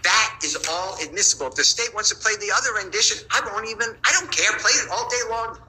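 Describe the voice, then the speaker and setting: A man's voice: high voice, fast talker, sharp tone, reverberant, poor audio. A man arguing as a defense attorney before a judge. He is insistent and pleading, and he keeps repeating his points. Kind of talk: courtroom argument to a judge. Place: courtroom.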